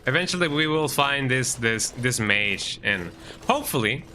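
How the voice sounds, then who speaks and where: Guy streamer rambling over his game, says eh a lot, really bright sharp voice. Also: medium pitch, expressive, normal speed, a little hiss or hum. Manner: rambling, frequent "eh" tag. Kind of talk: casual gameplay commentary.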